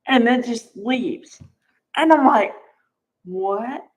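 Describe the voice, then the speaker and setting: Unhurried, gushing woman recapping a soap. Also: on the high side, muffled recording. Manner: gushing, chatty, peppered with "like". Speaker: soap opera recap vlogger. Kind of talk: casual chat.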